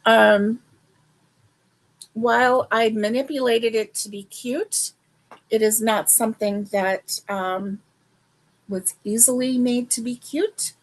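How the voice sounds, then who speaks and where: A woman with a slightly high voice hosts a relaxed crochet livestream, talking straight to her viewers. She speaks slowly and rambles, with many fillers. She sounds a bit sleepy. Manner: talks to viewers directly. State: yawning, a little sleepy. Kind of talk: casual livestream chat.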